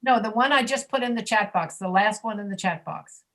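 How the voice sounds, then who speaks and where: A woman teaching an online English pronunciation class, patiently demonstrating sounds slowly and repeating them. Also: medium pitch, a bit bright. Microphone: video call.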